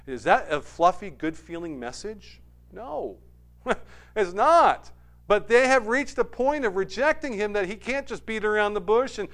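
A man preaching a sermon, swinging from quiet, low passages up to loud, emphatic stretches. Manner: rising to emphatic, forceful stretches, then dropping low and quiet.

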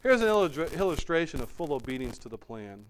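Emphatic male preacher, a touch high. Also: big pitch swings, fast talker, poor audio. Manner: emphatic, repeats points for emphasis. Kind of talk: sermon.

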